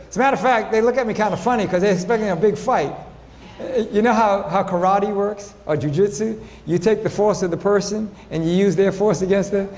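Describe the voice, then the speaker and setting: A man giving a faith-based health talk to an audience, animated, asking them questions and acting out both sides of conversations. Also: high-pitched, vocal fry, a little hiss or hum. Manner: animated, asks audience questions, acts out dialogue. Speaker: health lecturer. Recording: hall reverb with faint ambience.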